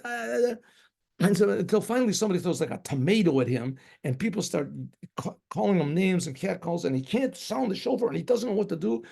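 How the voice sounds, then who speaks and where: A rabbi spins a story aloud in a loose, conversational way, circling back and imitating the sounds he describes. His voice is gravelly with a mellow, darker tone, pitched a bit above the usual for a man. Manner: rambling, conversational, acts out shofar blasts. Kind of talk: spoken storytelling.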